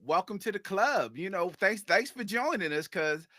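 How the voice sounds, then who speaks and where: Man, podcast co-host: bright, forceful voice, fairly high, roasting his partner. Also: expressive, moderate pace, no room sound. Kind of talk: casual sports chat.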